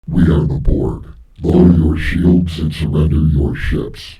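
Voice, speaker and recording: Cybernetic hive mind, layered chorus, extremely deep, very dark, flat commanding delivery. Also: male voice, unhurried. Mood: menacing. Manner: flat, commanding, speaking in unison. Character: cold cybernetic hive-mind collective, menacing. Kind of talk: science-fiction film clip.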